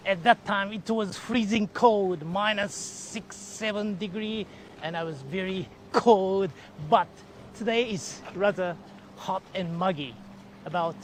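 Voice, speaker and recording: A man guiding a live-streamed walking tour outdoors by a lake. He speaks haltingly with many fillers, and sounds excited when greeting viewers. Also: high voice, a little hiss or hum. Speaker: live virtual tour guide.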